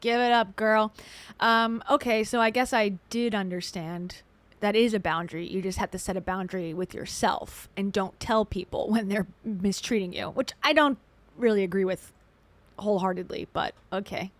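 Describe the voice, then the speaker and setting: A woman's voice: medium pitch, normal speed. A woman hosting a reaction commentary, talking in a wry, skeptical way. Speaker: commentary host.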